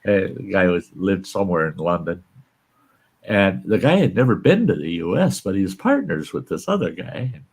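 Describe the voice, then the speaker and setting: A man's voice: low-pitched, very animated, normal speed, vocal fry, breathy edge. An older American man, a channel host, telling a folksy story in casual chat and chuckling as he goes. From American West.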